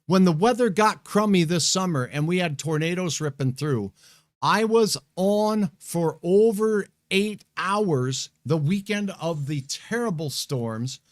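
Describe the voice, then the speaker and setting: A middle-aged man from Montana hosting a weather show, chatting in a folksy, excitable way and giving shout-outs to viewers. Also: high-pitched, unhurried. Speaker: weather show host, meteorologist. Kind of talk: casual live-stream chat.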